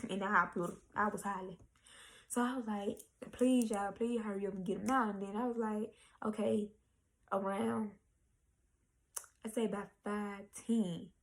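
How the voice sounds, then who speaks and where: A woman's voice: medium pitch, poor audio. A young woman, telling a candid, chatty storytime vlog with fillers and restarts. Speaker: vlogger. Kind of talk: casual storytime.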